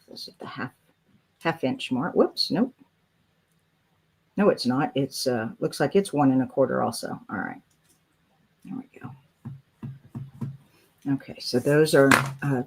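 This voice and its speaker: A woman's voice: sits low, vocal fry, a little mellow, slight background noise. A woman, chatting loosely as she talks through a craft project on a live stream. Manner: chatty, rambling, thinks aloud while working. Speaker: crafting channel host.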